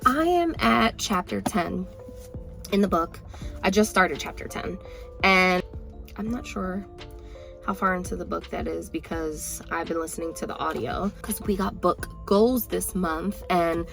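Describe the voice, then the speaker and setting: A woman's voice: mid-range voice, gravelly, a bit bright. Chatty young woman vlogger, filler-heavy. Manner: chatty, rambling, many "like" fillers. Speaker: book vlogger. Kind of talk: casual chat.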